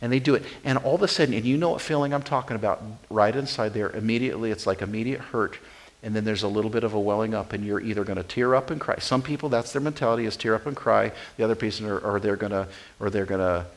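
A male pastor preaching a sermon, repeating key phrases and swinging from loud emphatic lines to quiet, conversational asides. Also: fairly low pitch, quick pace, rough recording.

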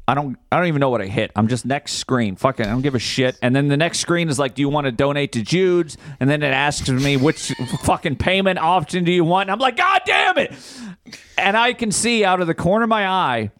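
A man co-hosting a casual podcast, telling a profane, angry story about a store trip and shouting out his frustration. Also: fairly high pitch, fast talker, hardly any pauses. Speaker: podcast co-host. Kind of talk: casual chat.

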